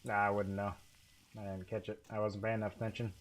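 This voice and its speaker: A man's voice: fairly low pitch, little pitch movement, fast talker. A man chatting casually with a friend during an online game, answering in short, easygoing remarks. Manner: laid-back, short easygoing replies. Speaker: co-op gamer. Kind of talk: casual chat while gaming.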